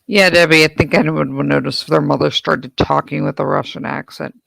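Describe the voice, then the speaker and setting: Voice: medium pitch, steady tone, fairly quick, vocal fry, fairly bright tone, no room sound, poor audio. A livestream host giving casual, joking commentary on a court trial and talking to chat, close to the mic. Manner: dry, joking asides to chat.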